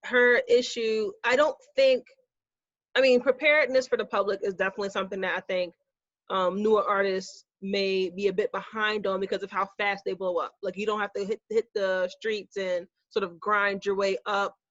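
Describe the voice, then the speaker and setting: A woman's voice: mid-range voice, level tone, normal speed, fairly bright tone, dry recording. A woman works through her views in long, thoughtful runs on a casual podcast debate. The sound is a little dull and lo-fi, dry and close. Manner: thoughtful, talks in long reasoning runs with fillers. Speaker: podcast co-host.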